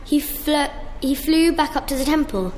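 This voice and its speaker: A woman reading a storybook tale aloud, slowly and carefully, with small restarts. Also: sits high, expressive, a little mellow, slight background noise.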